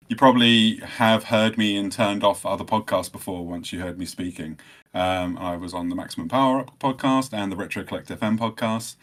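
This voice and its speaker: A man hosting a podcast, chatting in an easygoing, self-deprecating way. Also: fairly low pitch. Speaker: podcast host. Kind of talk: casual chat.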